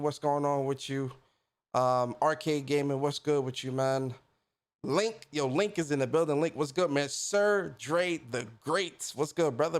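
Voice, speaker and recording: A man hosting a casual gaming livestream, greeting viewers by name in a laid-back, slangy way. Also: on the high side. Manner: laid-back slangy shout-outs, lively. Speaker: podcast host.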